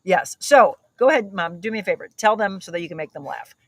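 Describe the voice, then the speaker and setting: A woman's voice: lowish voice, fast, breathy edge, no echo, rough recording. A woman hosting a casual talk show from South St. Louis, telling family stories with plenty of laughter. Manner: lively storyteller, laughs often. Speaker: host. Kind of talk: casual chat.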